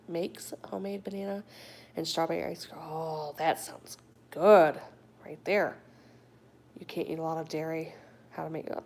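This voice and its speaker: Brief: middle-aged woman, lower voice, chatty livestreamer, slips into whispered asides, phone mic, faint room hum. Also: gravelly, darkish tone. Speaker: livestreamer reading viewer chat. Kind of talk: casual live chat. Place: home in a warm state.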